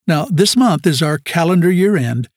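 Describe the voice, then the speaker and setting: A male announcer reading a scripted radio ministry promo in a smooth promotional manner. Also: a little high, lively intonation, normal speed, darkish tone, dry recording, studio quality.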